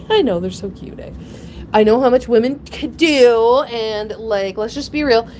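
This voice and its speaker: A woman hosting a casual chat, rambling through a story with frequent laughter and sudden high, emotional bursts. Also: measured pace, a little hiss or hum. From Ontario, Canada. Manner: rambling, animated, laughs often, breaks into emotional high pitch. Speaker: channel host.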